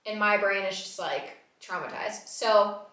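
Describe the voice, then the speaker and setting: A woman hosting a podcast, talking casually in a loud, animated way and laughing often. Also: medium pitch, a little slow, recorded from a distance. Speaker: podcast host. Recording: roomy echo.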